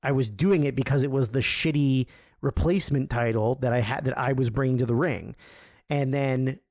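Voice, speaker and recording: A man hosting a podcast, telling a long, rambling story in a casual, profane way and getting animated when he quotes other people. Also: mid-range voice, normal speed, no room sound, clean studio sound. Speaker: podcast host.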